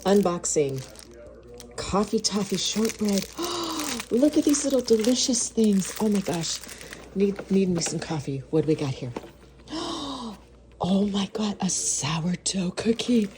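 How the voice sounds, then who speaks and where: A woman's voice: mid-range voice, lively intonation, a little slow, noisy background. Gushing woman food vlogger. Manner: gushing, gasps and moans over food. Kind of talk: casual unboxing and tasting. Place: home kitchen.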